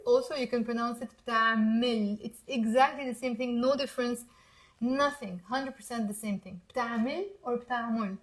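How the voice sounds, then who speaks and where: A woman from Mount Lebanon with a Lebanese accent, teaching a casual Arabic lesson and coaxing learners to repeat words aloud. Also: fairly high pitch.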